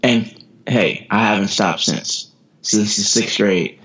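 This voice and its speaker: An American man in his thirties, a sprinter telling motivational stories as a podcast guest, energetic, repeating his words and laughing often. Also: lowish voice, slow pace. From United States. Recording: dull lo-fi podcast audio.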